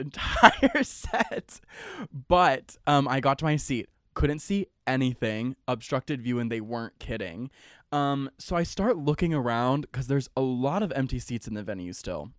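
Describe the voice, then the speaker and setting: A man's voice: mid-range voice, sing-song, moderate pace, no room sound, clean studio sound. A young man hosting his own podcast, telling a long story in a chatty, casual way, full of "like" and playful slang. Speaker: podcast host.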